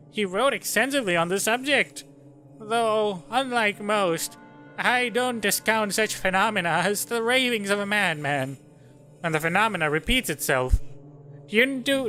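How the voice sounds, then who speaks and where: A man's voice: high-pitched, bright, forceful tone, voice pushed up. A man doing a rambling old historian. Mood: knowing. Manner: slow, formal and digressive. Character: courteous old male historian, rambling, wise. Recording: faint game music under voice.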